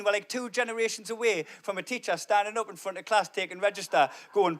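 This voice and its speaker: A man, doing brash, sweary stand-up on stage through a microphone, dropping to low mutters and rising to loud bursts. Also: a little fast, hardly any pauses, background noise. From North East England. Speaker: stand-up comedian. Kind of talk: stand-up comedy. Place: theatre stage before a live audience.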